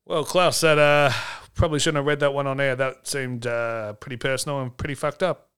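A man hosting a comedy podcast, brash and sarcastic, hyping up merch with loud bursts. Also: mid-range voice, steady tone, a little fast, clear, resonant tone. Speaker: podcast host.

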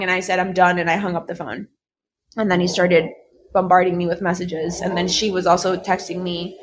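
Her voice sits in the middle range with a fairly bright tone as this young woman shares something that happened to her on a podcast she co-hosts. The chat is casual, frank and fired up, full of curse words and fillers.

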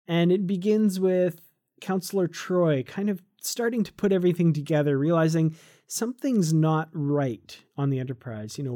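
Mellow-voiced enthusiastic podcast host. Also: mid-range voice. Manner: enthusiastic, chatty, laughs often. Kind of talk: casual chat reviewing a comic.

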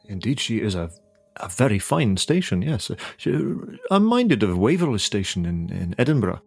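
A man voicing a polite, genteel gentleman traveller with formal, hesitant phrasing in a tabletop game. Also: fairly low pitch, big pitch swings, moderate pace, gravelly, soft background music, full character voice. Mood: courteous.

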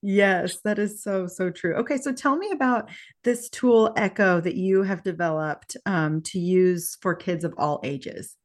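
A woman's voice: mid-range voice, a little slow. A woman hosting a parenting podcast, encouraging her guest with frequent affirmations. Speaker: podcast host. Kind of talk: podcast interview.

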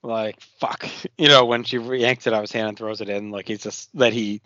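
A man's voice: fairly low pitch, little pitch movement, a little fast, pushed and bright, no echo, dull audio. A man co-hosting a podcast in casual chat, enthusiastic and rambling. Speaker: podcast co-host.

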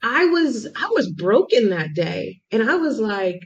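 A young American woman telling a travel story in a podcast interview, chatty and animated, full of "like" and acted-out quotes. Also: on the high side, unhurried. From United States. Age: young adult. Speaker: guest. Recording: muffled lo-fi audio.

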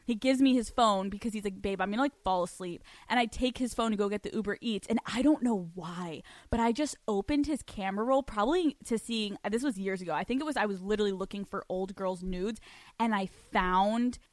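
Young woman podcast host, swears a ton, blunt animated advice, mid pitch, dry close sound. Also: a little fast, no echo. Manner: blunt, profane, animated storytelling. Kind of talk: casual advice chat, reading listener letters.

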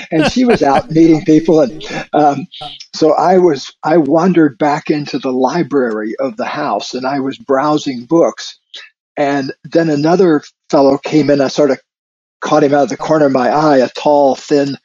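A man co-hosting a podcast, telling a personal story in a reflective, unhurried way with soft chuckles. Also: on the high side, husky, muffled recording. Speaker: podcast co-host. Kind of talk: conversational storytelling.

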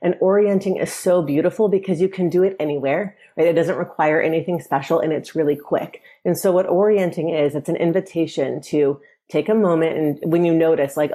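A woman guest on a podcast interview, talking in a calm, reflective way as she gently guides the listener. Her voice sits very low and sounds mellow and soft. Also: brisk, hardly any pauses, breathy edge. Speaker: author and guest.

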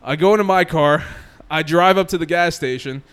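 A young man tells a rambling story in a smooth, resonant voice. He sits a little high in pitch. He slips into quick impressions of other people and laughs along as he talks. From New Jersey. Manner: animated storyteller, acts out quotes, laughs often. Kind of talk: casual storytelling chat.

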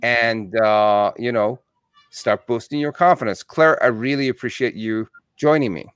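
A man's voice: mid-range voice, measured pace, fairly bright tone, clear, resonant tone, no echo. Chatty Canadian man hosting, dry sound. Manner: friendly, chatty with filler "uh"s. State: morning voice. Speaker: interview host. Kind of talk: casual online interview.

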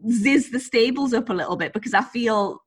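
Female co-host; chatty, self-deprecating, husky voice, slightly high. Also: a little fast. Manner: chatty, self-mocking, giggly. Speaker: podcast co-host. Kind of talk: casual chat.

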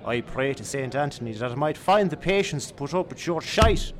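Man doing a grumpy drunk slumped at the bar, lively swings in tone. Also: on the high side, fairly quick, natural voice. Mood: grumbling. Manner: grumbling, irreverent. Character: cranky older male drunk at a bar. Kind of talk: audio comedy drama acting.

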